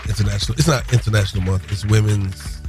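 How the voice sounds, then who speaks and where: A man's voice: on the low side, fairly even intonation, fast, music in the background. A man hosting a morning radio show, talking loose and slangy and hyping the show between jokes.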